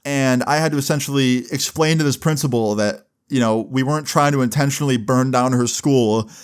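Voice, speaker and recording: Young male vlogger, casual storyteller, swears freely, mid-pitched. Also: a little fast, smooth. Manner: casual, profane, lots of fillers. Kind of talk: storytime vlog.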